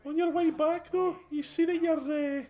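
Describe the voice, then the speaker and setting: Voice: very high-pitched, fairly even intonation, moderate pace, a little mellow. A host with a Scottish accent giving casual, rambling commentary over gameplay, chatty and full of restarts. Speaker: gaming channel host.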